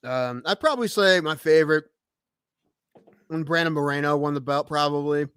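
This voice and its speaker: A man's voice: on the high side, normal speed, fairly bright tone, smooth, no echo. A man co-hosting a podcast, talking bluntly and crudely with a rambling flow. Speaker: podcast co-host. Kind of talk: casual chat.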